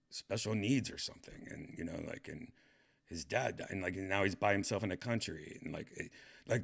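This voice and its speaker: A man's voice: low voice, vocal fry. A man hosting a casual livestream chat, rambling and hesitant, full of fillers and restarts. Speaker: podcast host.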